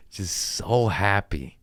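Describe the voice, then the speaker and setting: A man's voice: lowish voice, fairly bright tone, no room sound. A man hosting a podcast as a comedian, telling stories in a loose, profane, casual way and laughing at his own jokes. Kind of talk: casual storytelling chat.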